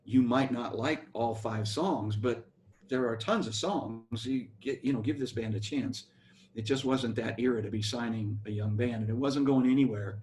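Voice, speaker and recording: Brief: older American musician guest, rambling anecdotes, mid-pitched, faint hiss. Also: male voice, moderate pace, a little mellow. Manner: rambling anecdotal storytelling with restarts. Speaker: guest musician, bass player. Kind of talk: storytelling interview.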